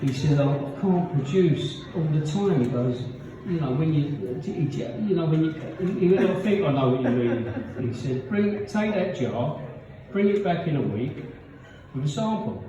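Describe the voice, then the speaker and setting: Comedian in a roomy live venue. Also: male voice, on the high side, lively intonation, measured pace, background noise. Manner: punchy joke delivery, acts out characters. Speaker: stand-up comedian. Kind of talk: live stand-up set. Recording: roomy, distant, dull live recording.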